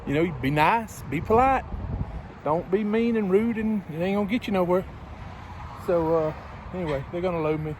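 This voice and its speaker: A man's voice: high-pitched, normal speed, a little mellow. A man telling a casual story beside his parked truck, laughing often and acting out conversations. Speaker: truck driver vlogger. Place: outdoors by a parked truck in strong wind. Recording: windy outdoor noise. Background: wind and passing traffic.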